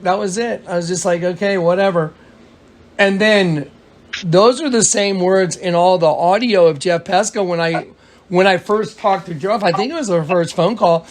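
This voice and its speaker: High-voiced man rambling on a phone call. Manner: rambling, many restarts and fillers; retells dialogue in quoted voices. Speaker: caller recounting events. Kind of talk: casual phone conversation.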